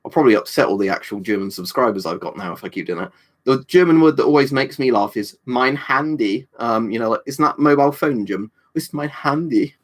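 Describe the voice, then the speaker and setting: A man's voice: mid-range voice, expressive, fast talker. A man hosting a casual livestream, reading viewer comments and rambling with swearing and jokey asides. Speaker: livestream host.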